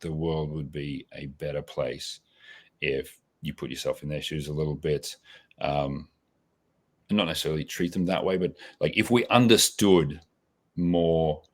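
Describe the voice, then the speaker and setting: A man's voice: rumbling low, a little slow. A man in his forties with an Australian accent, answering interview questions in a reflective, casual way with many restarts. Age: 40s. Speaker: podcast guest.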